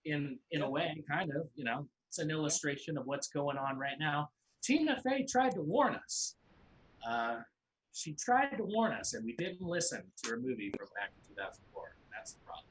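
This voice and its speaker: A man's voice: fairly high pitch, sing-song, normal speed, a bit bright, poor audio. A man hosting an online comedy show, rambling and often repeating his words. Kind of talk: casual hosting banter.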